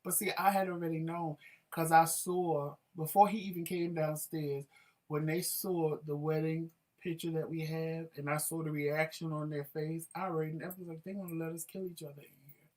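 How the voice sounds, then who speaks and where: A man's voice: a little high, moderate pace, rough recording. A man co-hosting a talk show, telling a home story in casual chat and acting out the voices in it. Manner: animated, acts out voices in anecdotes.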